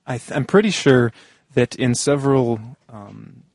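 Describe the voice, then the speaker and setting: A man hosts an interview, putting his questions in a conversational, halting, loosely phrased way. His voice sits at a middle pitch. The recording is close and dry, with no room sound. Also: animated, creaky, dry recording. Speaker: podcast host.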